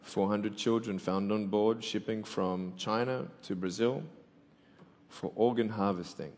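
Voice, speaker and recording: A man's voice: on the low side, fairly even intonation, a little slow, darkish tone. A man in his twenties with an Australian accent, giving a sermon that mixes playful stories with earnest, pressing questions. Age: 20s. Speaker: motivational Christian speaker. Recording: long hall reverb.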